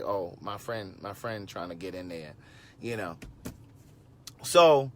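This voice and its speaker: Sassy, bright-voiced man in his forties. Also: medium pitch. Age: 40s. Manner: animated, sassy, with frequent asides to viewers. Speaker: host telling a story to viewers. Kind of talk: casual storytelling livestream.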